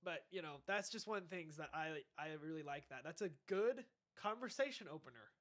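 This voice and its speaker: A young man with a fairly high voice chats casually on a podcast. He rambles, restarts sentences and lets his thoughts trail off as he reacts to dating advice. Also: expressive, brisk, fairly bright tone. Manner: rambling, trailing off, self-correcting. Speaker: podcast host.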